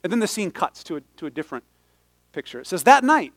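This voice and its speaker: A man preaching a sermon in an animated, humorous way, often stopping and restarting his sentences. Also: on the high side, fast, no echo. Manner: animated, humorous, self-interrupting. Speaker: pastor.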